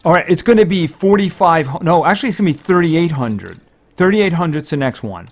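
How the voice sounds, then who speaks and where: A man giving casual gameplay commentary, thinking aloud, excitable and fretting over each purchase. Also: on the high side, fairly quick. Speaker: let's-play commentator.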